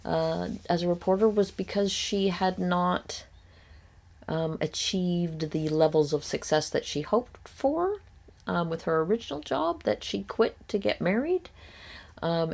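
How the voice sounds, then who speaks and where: A woman hosting a reaction commentary, picking apart a podcast clip in a critical, speculative way with frequent ums and pauses. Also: fairly low pitch, very animated, gravelly, darkish tone. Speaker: commentary host.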